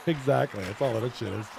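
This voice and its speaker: A man's voice: mid-range voice, expressive, moderate pace, a little mellow, slight background noise. Chatty man calling esports hockey. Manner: loose, chatty, swears, clears throat often. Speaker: league stream commentator. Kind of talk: casual esports commentary reading chat.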